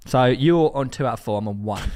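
A man hosting a casual football quiz, jokey and quick to laugh. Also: mid-range voice, darkish tone. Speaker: quiz host.

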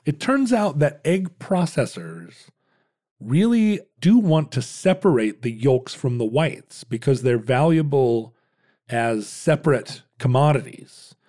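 A man in his fifties co-hosting a casual podcast, explaining at length in halting restarts with wry asides. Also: medium pitch, very animated, dark tone. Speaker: podcast co-host.

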